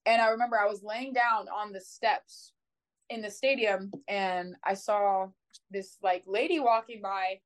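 A woman's voice: mid-range voice, measured pace, low-quality recording. Chatty young woman athlete telling a story. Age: young adult. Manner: chatty, animated, many "like" fillers. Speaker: college sprinter, interview guest. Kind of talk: casual storytelling in an interview.

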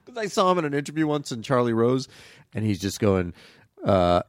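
A man's voice: medium pitch, very animated, brisk, no echo. A man, a comedian guest on a podcast, chatting casually with a dry, wry wit.

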